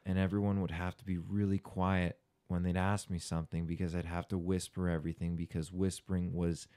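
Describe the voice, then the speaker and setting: Low smooth-voiced young man. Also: little pitch movement, fairly quick, dark tone. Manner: profane, talkative and rambling. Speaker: podcast guest. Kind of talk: casual chat.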